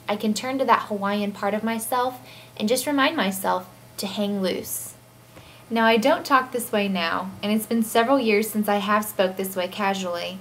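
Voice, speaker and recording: Young woman reading her class presentation, upbeat and earnest, even mid voice, faint hum behind. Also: mid-range voice. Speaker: student presenter. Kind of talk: scripted narration.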